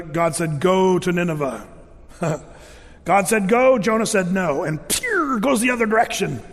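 A man with a high voice preaches a sermon, telling stories with lively voiced quotes and playful sound effects. His voice rings out in a large hall with a long reverb. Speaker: pastor.

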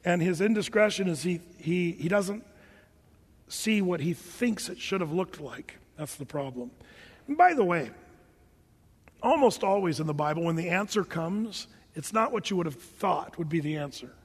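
A male pastor preaching a sermon in an animated, emphatic way, often repeating words as he thinks. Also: sits high, moderate pace, breathy edge, long reverb tail.

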